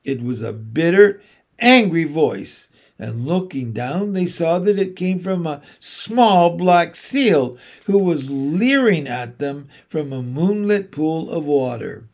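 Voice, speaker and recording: A man narrating a children's storybook at an unhurried pace. His reading is expressive, with a slightly high voice that rises and falls freely. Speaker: audiobook narrator. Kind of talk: storybook read aloud.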